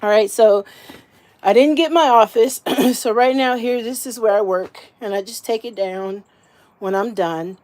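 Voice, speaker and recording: A woman's voice: fairly high pitch, measured pace, a little mellow. A woman, likely a grandmother, giving a casual, homey walkthrough of her small camper while filming as she walks. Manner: chatty, homey, fond of the word little. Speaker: vlogger giving a camper tour.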